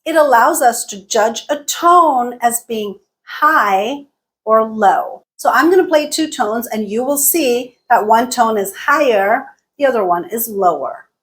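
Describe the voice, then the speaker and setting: A woman with a fairly high voice teaches an online English lesson. She explains each point in a clear, measured way. She often checks in with the listener using "right?" or "okay?". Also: lively intonation, a bit bright.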